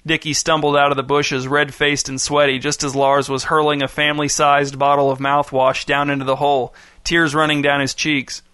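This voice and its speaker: A man reading a story aloud in steady, even scripted narration. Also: on the high side, moderate pace, clean tone, no room sound.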